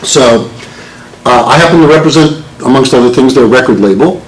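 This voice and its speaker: Speaking at a fairly quick clip in a mid-range voice, a man in his sixties, a lawyer, addresses an audience in a meeting hall, cracking jokes and putting questions to the crowd. The roomy hall comes through on the recording along with faint background noise.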